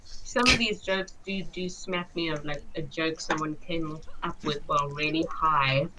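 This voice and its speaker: Lady on a stream chatting real slow and giggly, lots of background noise. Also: deep voice. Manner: giggly, unhurried storytelling. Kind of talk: casual chat on a stream.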